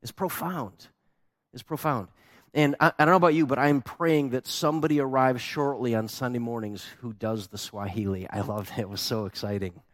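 Animated male pastor preaching. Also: mid-range voice, normal speed, dry recording, clean studio sound. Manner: animated storytelling with acted-out quotes. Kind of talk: sermon.

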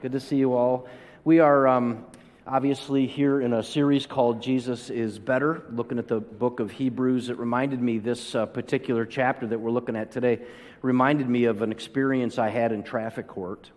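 A man's voice: medium pitch, fairly even intonation, moderate pace, darkish tone. A man preaching to a congregation, his voice sitting in a middle register. He tells a personal story, acts out the voices in it, and then builds to emphatic peaks. The sound carries a long reverb from a large hall. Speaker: pastor. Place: church hall.

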